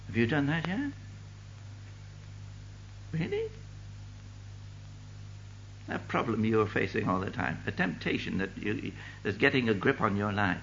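Older man, preacher, fervent sermon, bright animated voice. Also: fairly low pitch, normal speed, gravelly, long pauses, muffled recording, a little hiss or hum. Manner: fervent, swings from loud declaiming to hushed asides.

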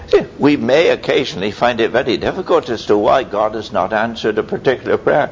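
A man preaching a sermon, telling stories in a lively way with sudden high exclamations. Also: moderate pace. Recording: dull lo-fi recording with faint rumble.

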